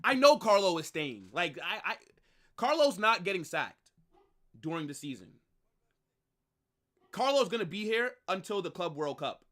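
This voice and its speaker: A man's voice: high voice, very animated, moderate pace, pauses often. Ranting young man on a live watch-along. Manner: ranting, exasperated, shouting in bursts. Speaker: fan stream host.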